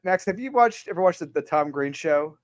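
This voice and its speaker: A man's voice: on the high side, expressive, fairly quick, no room sound, studio quality. A man co-hosting a casual comics chat, telling stories with laughter. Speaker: co-host.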